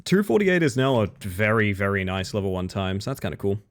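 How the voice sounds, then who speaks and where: Low-voiced streamer talking through a speedrun. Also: male voice, big pitch swings, a little fast. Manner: chatty, self-correcting, thinks aloud while playing. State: a little tired late at night. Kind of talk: casual gameplay commentary.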